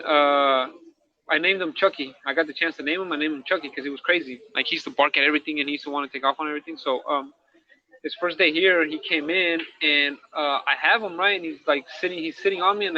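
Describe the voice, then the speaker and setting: This incarcerated dog trainer co-hosts a podcast, speaking quickly in a slightly high voice with fairly even intonation. On the candid, casual talk show he rambles in slang and keeps asking "right?", all captured in dull lo-fi audio.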